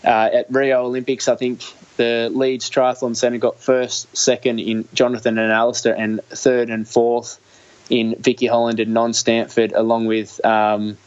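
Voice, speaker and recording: A man's voice: mid-range voice, completely flat delivery, unhurried, a little mellow, smooth, dull audio. A young Australian man talking casually in an interview, hesitant, with many restarts and fillers. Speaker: guest, Olympic triathlete.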